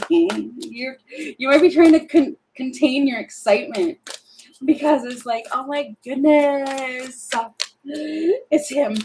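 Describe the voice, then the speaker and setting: Slow-talking woman reading tarot cards. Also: on the high side, a little mellow, a little hiss or hum, low-quality recording. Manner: chatty, thinking aloud, sings snatches, laughs often. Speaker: tarot reader.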